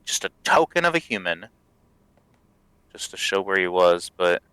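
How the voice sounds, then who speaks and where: A man's voice: low-pitched, sing-song, moderate pace, fairly bright tone, clean tone, dry recording, low-quality recording. A man running a tabletop game as dungeon master, narrating with hesitant fillers.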